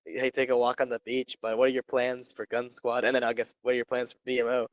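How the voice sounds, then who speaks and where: Flat-voiced young caster, dry audio. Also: male voice, medium pitch, quick pace, no echo, poor audio. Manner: joking, teasing interviewer. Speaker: esports caster. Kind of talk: casual post-match interview.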